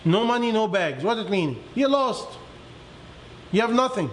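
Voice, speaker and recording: A man with a high voice delivers a sermon in non-native, simplified English. He swings dramatically between raised, high emphasis and low, heavy lines. A faint hiss of background noise runs under the recording. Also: very animated, moderate pace. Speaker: religious teacher.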